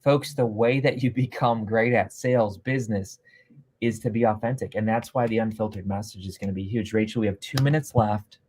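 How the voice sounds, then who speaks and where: A man hosting a live stream interview, talking with energetic, salesy push and repeating himself. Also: lowish voice, a little fast, husky. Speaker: host.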